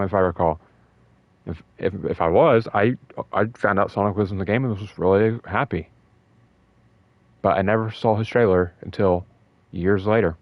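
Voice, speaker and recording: A young man talking in a casual, rambling way about a fighting game, emotional and excited, with many fillers and restarts. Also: low voice, no room sound, muffled recording. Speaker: gaming video host.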